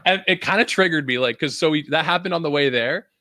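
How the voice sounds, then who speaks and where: With a voice on the high side, a little fast and free of room sound, a young man from Vancouver, Canada co-hosts a casual podcast. He's an animated ranter who swears and laughs a lot.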